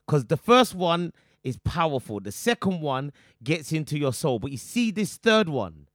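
A man hosting a podcast, excitable and repetitive as he hypes up his listeners. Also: fairly high pitch, moderate pace, dry recording, clean studio sound. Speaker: podcast host and DJ. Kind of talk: casual chat.

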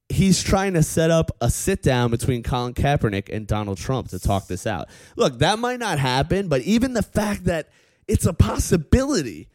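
Animated man ranting with lively pitch. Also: normal speed, no echo. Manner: animated, profane, heckles the audience with repeated "okay?". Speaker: comedian. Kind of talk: comedic rant.

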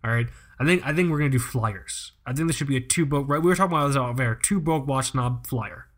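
A man's voice: mid-range voice, fast. A man co-hosting a podcast, ranting in a profane, exasperated way and laughing often. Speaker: podcast co-host. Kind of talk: casual podcast chat.

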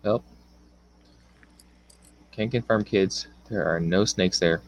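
A man's voice: low-pitched, takes it slowly. A man co-hosting a podcast, making sarcastic wisecracks in casual chat. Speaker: podcast co-host.

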